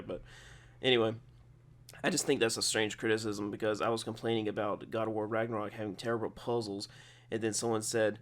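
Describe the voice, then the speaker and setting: A man's voice: medium pitch, fairly even intonation, fairly quick, fairly bright tone. A young adult man hosting a gaming channel, giving casual video game commentary in a rambling, digressive way, often correcting himself and partly reading from his own post.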